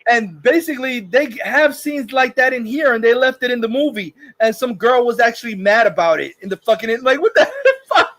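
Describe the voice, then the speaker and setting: A man's voice: very high voice, brisk, few pauses, a bit bright, dry recording. A man hosting a casual livestream chat, profane and rambling, laughing often. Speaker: livestream host.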